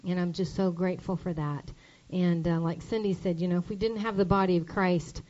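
A woman's voice: on the low side, fairly even intonation, fairly quick, dark tone, muffled recording. A middle-aged woman pastor giving an emotional, grateful speech from the church stage, repeating her thanks.

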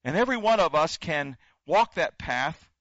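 A man's voice: on the high side, expressive, normal speed, a bit bright, no echo, highs cut off. A male pastor delivering a sermon, building points through emphatic repetition.

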